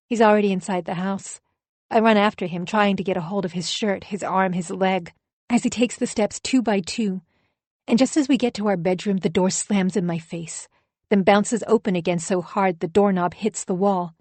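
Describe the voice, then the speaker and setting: A woman's voice: medium pitch, fairly even intonation, normal speed, a little mellow, no room sound. Female audiobook narrator, first person, intense dramatic read, dry booth. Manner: dramatic, emotionally charged reading.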